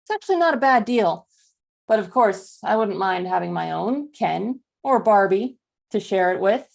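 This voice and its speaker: Woman doing a worn-out toy doll, chipper, gravelly voice. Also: medium pitch, lively intonation, normal speed, a little mellow. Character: battered, upbeat female toy doll. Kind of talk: improv comedy character. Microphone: video call.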